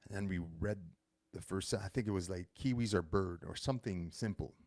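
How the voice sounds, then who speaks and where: A man in his thirties hosts a casual monologue, rambling along and often stopping to fix his own words. His voice sits fairly low and has a gravelly fry to it. The sound is close and dry, with no room around it. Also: brisk, darkish tone, dry recording. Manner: rambling, self-correcting storytelling. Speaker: host.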